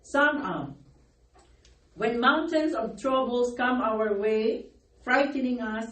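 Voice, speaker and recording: A woman's voice: on the high side, takes it slowly, a bit bright. A middle-aged woman pastor preaching a sermon, her voice worn from crying, calling out for amens and laughing between phrases. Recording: echoey room, distant mic, faint noise.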